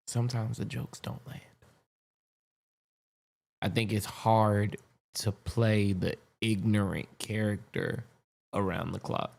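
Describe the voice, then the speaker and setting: A man's voice: lowish voice, slow pace, creaky, long pauses, a little hiss or hum. A man hosting a live podcast stream, chatting casually about comedy clips. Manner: relaxed, chatty reactions. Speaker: podcast host.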